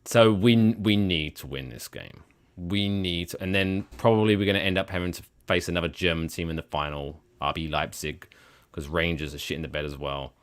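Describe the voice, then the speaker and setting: Casual co-host, man with a low voice, cheerful and teasing. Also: a little fast, clear, resonant tone. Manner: upbeat, teasing, encouraging. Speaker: podcast co-host. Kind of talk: casual chat.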